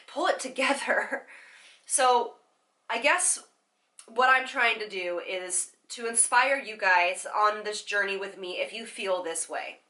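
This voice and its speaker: A young woman vlogger speaks candidly and haltingly to her viewers, sometimes tearful and using many fillers. Her medium-pitched voice is bright and forceful.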